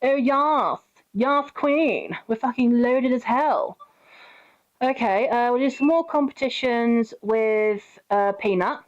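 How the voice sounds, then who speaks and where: A woman's voice: on the high side, takes it slowly. A woman chatting casually while playing a game, giggling often and swearing freely. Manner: giggly, sweary, breaks into singing and silly voices. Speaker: gaming streamer. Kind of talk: casual gameplay chat. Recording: dull lo-fi sound.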